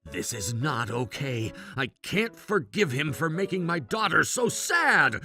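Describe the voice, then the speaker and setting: A man's voice: fairly high pitch, sing-song, unhurried, bright, forceful tone, faint music behind. A man voicing a patient father, talking in a restrained, earnest way with simmering frustration. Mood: resolved. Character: patient father taking his daughter to dinner. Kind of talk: animated story voice acting.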